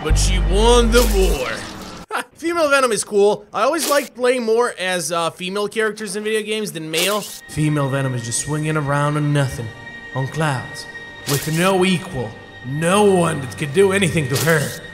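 A man commenting energetically on his own gameplay, often shouting and laughing as he plays. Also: a little high, moderate pace. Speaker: gaming YouTuber. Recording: music playing behind.

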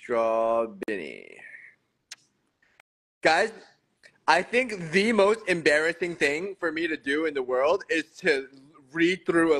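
A man hosting a casual livestream on his phone, playful and self-mocking, rambling with quick restarts as he talks to viewers. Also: medium pitch, fairly bright tone. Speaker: livestream host.

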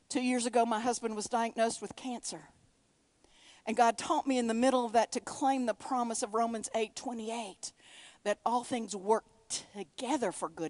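A woman preaching a sermon, swinging between loud emphatic lines and hushed, whispered ones. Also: high-pitched, no echo.

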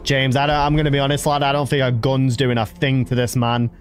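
A man commentating a horror game as he plays, excitable and jokey, reading the game's text aloud. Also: medium pitch, quick pace, faint music behind. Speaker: gamer. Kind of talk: let's play commentary.

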